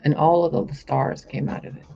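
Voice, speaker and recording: Male spiritual vlogger, gravelly and intense, rambling and profane; dull lo-fi camera audio with a faint hiss. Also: fairly high pitch, steady tone, normal speed, warm tone. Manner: rambling, intense, swears often. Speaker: spiritual reader. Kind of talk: vlog monologue about a vision. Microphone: camera mic, talking to camera.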